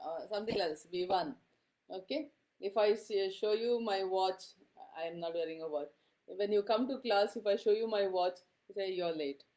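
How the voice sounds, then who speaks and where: A woman's voice: mid-range voice, a little mellow. Woman lecturing, chatty and checking in. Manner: conversational, frequent "okay?" checks and fillers. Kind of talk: classroom lecture.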